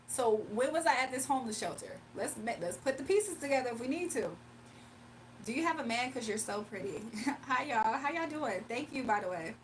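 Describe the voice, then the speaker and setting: On her home livestream, a young woman with a Southern accent, who's also a spiritual reader, reads out comments in a casual chat and laughs a lot. Her voice runs on the high side and sits far from the mic, with slight background noise and poor audio.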